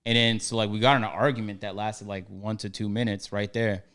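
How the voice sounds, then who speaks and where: A man's voice: on the low side, steady tone, fairly quick, fairly bright tone. A young man casually telling a story on a podcast, acting out both sides with slang.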